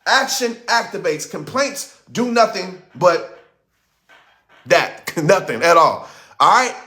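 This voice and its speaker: A man's voice: high-pitched, lively intonation, slow pace, bright, forceful tone. A man giving an emphatic motivational speech into a studio microphone, preaching hard and repeating lines for effect. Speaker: motivational speaker.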